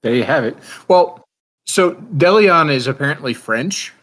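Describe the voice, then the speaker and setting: A man's voice: fairly high pitch, animated, unhurried, fairly bright tone. A man co-hosting a podcast chat, making wry, dry jokes and laughing often. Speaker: podcast co-host. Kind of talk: casual chat.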